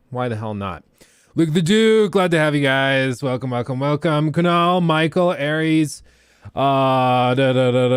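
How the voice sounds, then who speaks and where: A man's voice: medium pitch, clean tone, no echo. A young man hosting a live stream, chatting casually and greeting his viewers by name.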